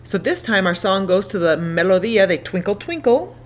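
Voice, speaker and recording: A woman's voice: mid-range voice, lively intonation, a little fast. Upbeat woman teaching a lesson. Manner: upbeat, chatty, sings a verb song. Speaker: Spanish teacher. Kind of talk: recorded classroom lesson.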